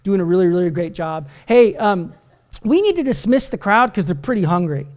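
A man's voice: high voice, very animated, a little fast, darkish tone, voice pushed down. A man voicing a meek male disciple who nervously hints to his teacher, talking in a hesitant, over-polite, rambling way. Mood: sheepish.

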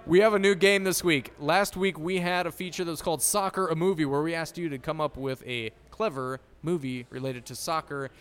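A man's voice: a little high, a little fast, hardly any pauses, clear, resonant tone. A man hosting a casual sports podcast, joking and sarcastic. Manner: sarcastic, jokey, deadpan insults. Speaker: podcast host.

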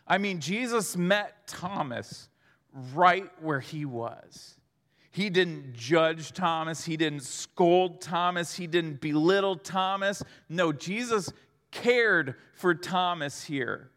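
A man preaching a sermon in an earnest way, moving between hushed and emphatic delivery. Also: a little high, slow pace, big-room sound.

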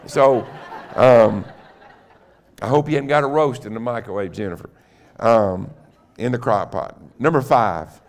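A middle-aged man, a guest preacher in a church, telling his own conversion story and building to loud, emphatic preaching. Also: lowish voice, measured pace. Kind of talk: sermon. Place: church sanctuary.

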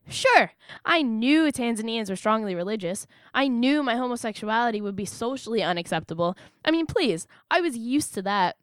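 A young American woman tells her own story as a spoken personal essay, wry and emphatic, her fairly high voice leaping up on punchlines. The sound is close and dry, with no room around it. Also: no room sound. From United States. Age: young adult. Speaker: narrator.

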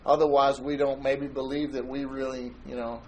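A man's voice: medium pitch, flat delivery, normal speed, darkish tone, highs cut off, slight background noise. A man preaching a sermon in church, conversational and joking, telling anecdotes. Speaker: pastor.

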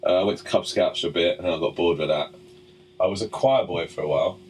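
A man's voice: low-pitched, quick pace, slight background noise, poor audio. A man hosting a podcast in casual chat, joking and swearing freely. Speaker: podcast host.

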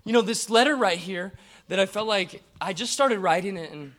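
A male pastor preaching a sermon through an animated, chuckling story full of "like" fillers. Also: high voice, normal speed.

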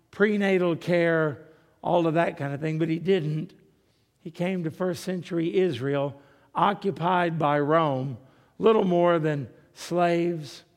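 A man preaching a sermon in a slow, dramatic style, dropping to a hush and rising for emphasis. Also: on the high side. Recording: long reverb of a large hall.

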